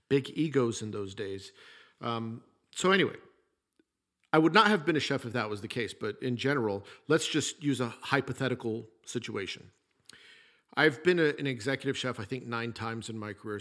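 Man, middle-aged, former chef, podcast host, casual storytelling monologue, plainspoken, even mid pitch. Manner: storytelling, conversational, plainspoken with mild swearing.

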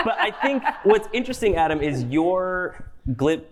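Dry, wry man with lively intonation. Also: mid-range voice, brisk, noisy background. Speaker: podcast co-host. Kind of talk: live podcast banter. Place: stage before a live audience.

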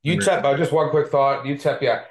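A man's voice: medium pitch, moderate pace. A man with a Delaware County accent hosting a sports betting podcast in a chatty, self-deprecating way. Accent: Delaware County (Philadelphia area). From Delaware County, Pennsylvania. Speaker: podcast host.

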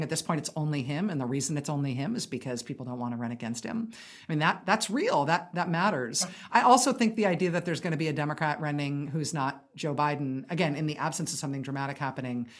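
A woman chatting casually about politics, wry and self-deprecating, with frequent laughter. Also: low voice. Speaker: political commentator.

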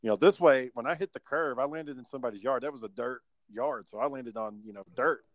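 A man's voice: medium pitch, fast, dry recording. A man telling a story in casual podcast chat, cursing freely and acting out his own past lines. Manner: swearing, animated storytelling.

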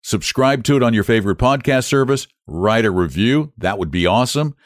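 A man hosting a podcast and reading a classic short story aloud in a steady, clear way. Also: medium pitch, a little fast, dry recording, studio quality. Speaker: podcast host and narrator.

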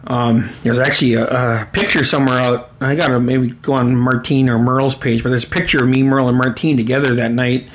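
A man's voice: mid-range voice, flat delivery, fairly quick, few pauses, a little hiss or hum. A man in his forties telling a casual story, rambling and swearing often, breaking into laughter. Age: 40s.

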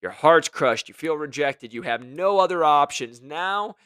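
An energetic man hosts a casual motivational talk, talking in a fairly high voice and joking as he acts out what other people might say. The sound is dry and close, with almost no room. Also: unhurried, smooth, dry recording. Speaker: host.

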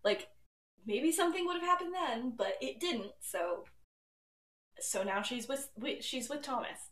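A woman voicing a calm, offhand teenage schoolboy in a casual storytelling retelling, with a roomy echo. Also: high voice, measured pace. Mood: calm, deflecting. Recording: roomy echo, home mic.

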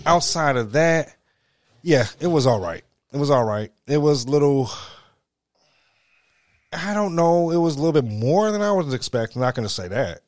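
A laid-back man chatting on a podcast, his pitch jumping all over as he rambles and stumbles over his words. He laughs often and swears freely, and the sound is dry and close. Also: a little mellow, dry recording. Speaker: podcast co-host. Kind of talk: casual banter.

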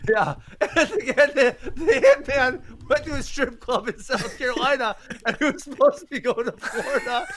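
High, bright-voiced laughing man. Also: lively intonation, moderate pace, slight background noise. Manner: laughing, rowdy storyteller. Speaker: podcast co-host. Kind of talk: casual chat.

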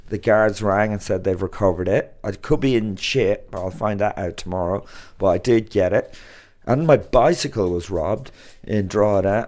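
A man's voice: fairly low pitch, a little mellow. A man hosting a podcast, talking in a chatty, rambling way with lots of fillers and restarts. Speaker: podcast host. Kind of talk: casual rambling monologue.

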